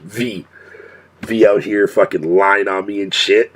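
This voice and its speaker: A man's voice: fairly low pitch, fairly even intonation, a little slow. A male streamer talking casually to his chat in a profane rant, swearing constantly and laughing often.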